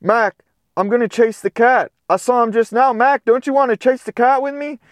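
A man voicing an eager, chatty young female puppy who keeps pestering with questions. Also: dry recording. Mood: excited. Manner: high, quick, pestering questions.

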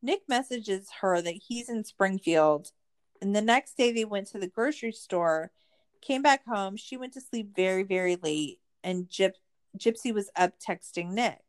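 Her intonation is lively and her pace a little slow as she, a podcast host, recaps a true-crime documentary. The talk is casual, sarcastic, and full of swearing and "like," with her pitch leaping when exasperation hits.

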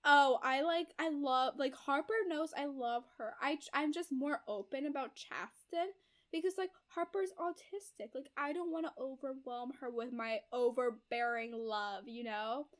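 A woman's voice: high-pitched, measured pace. Woman doing an indignant self-centered mother. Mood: defensive.

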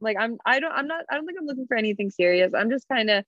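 A woman's voice: a little high, expressive, racing, a bit bright, dry recording, muffled recording. A woman co-hosting a podcast, telling stories in a giggly, casual chat. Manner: giggly storyteller. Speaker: podcast co-host.

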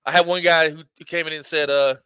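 A man in casual podcast chat, telling profane, animated stories about rude customers. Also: a little high, fast, clear, resonant tone, dry recording. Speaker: podcast co-host.

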